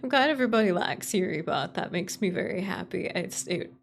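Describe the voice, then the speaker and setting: A woman's voice: mid-range voice, expressive, fairly quick, vocal fry. A young adult woman streaming, chatting casually with her chat, repeating greetings and laughing often.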